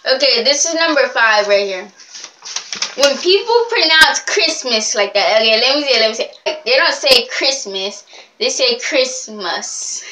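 A young woman rambles through a casual vlog, giggling as she loses her thread. Her pitch swoops up and down, and her tone is bright and a little high. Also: expressive, normal speed, slight background noise. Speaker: vlogger.

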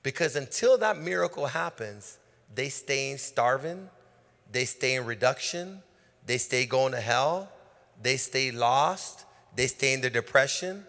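Rousing preacher in a reverberant church. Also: male voice, medium pitch, animated, unhurried, gravelly, a bit bright. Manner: rousing, call-and-response preaching. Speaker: pastor. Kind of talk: sermon. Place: large church sanctuary. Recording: long reverb of a church hall.

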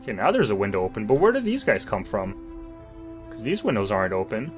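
Exasperated man doing lively game commentary. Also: on the low side, quick pace, soft background music. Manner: swears and talks to himself, exasperated and joking. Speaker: gamer. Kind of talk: let's play commentary.

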